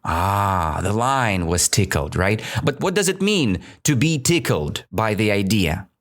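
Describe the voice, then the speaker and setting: A man teaches English by retelling a story, speaking slowly and asking his listeners questions as he goes. His pitch moves up and down a lot, which keeps the explanation animated. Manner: slow, questioning, keeps checking understanding. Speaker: English teacher, podcast host.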